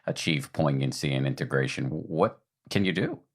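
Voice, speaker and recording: Very deep-voiced male interviewer. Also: normal speed. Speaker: interview host. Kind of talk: interview questions.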